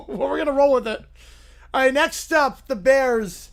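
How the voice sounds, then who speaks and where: A man hosting a livestream in a relaxed, chatty way, chuckling as he hurries through viewer requests. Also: very high voice, normal speed, vocal fry. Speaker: livestream host. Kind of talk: casual livestream chat.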